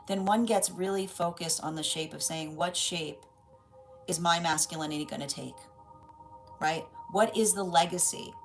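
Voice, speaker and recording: Woman tarot reader rambling on a livestream, keeps saying right?, soft music behind. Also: on the low side, normal speed, low-quality recording. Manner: rambling, repeats "right?" often. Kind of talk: live tarot reading stream.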